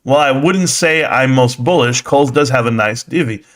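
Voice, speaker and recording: A man's voice: medium pitch, normal speed. A young adult man hosting a casual livestream about stocks. He talks bluntly and animatedly, answers chat comments straight back, and laughs often.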